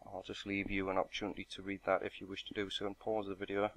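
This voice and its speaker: A man's voice: low voice, completely flat delivery, quick pace, vocal fry, no room sound. A man narrating an unboxing and product walkthrough in a matter-of-fact, explanatory way. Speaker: product reviewer.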